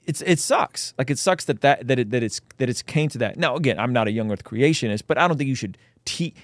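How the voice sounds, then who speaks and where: A man co-hosting a casual reaction chat with a blunt, animated way of talking. His voice sits mid-range and sounds dry and close to the mic, with no room around it. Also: mid-range voice, fast, dry recording. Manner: blunt, animated, jokingly scolding. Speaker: co-host reacting to a clip.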